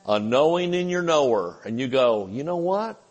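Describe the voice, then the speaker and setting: A man's voice: mid-range voice, animated, moderate pace. An older man preaching a sermon at a Bible study, folksy and chuckling, acting out little voices as he goes. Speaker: pastor. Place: church.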